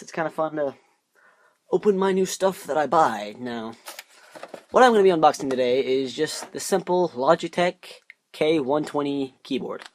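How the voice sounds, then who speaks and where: A man chatting casually while unboxing off camera, rambling and muttering to himself as he fumbles, recorded by a camera on a tripod. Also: fairly high pitch. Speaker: unboxing vlogger.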